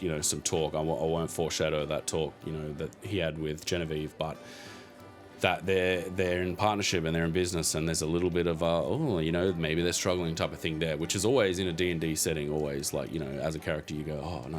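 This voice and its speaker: A man hosting a podcast, casually recapping a tabletop game session in a rambling way, laughing now and then. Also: very deep voice. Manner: rambling, many fillers, chuckles often.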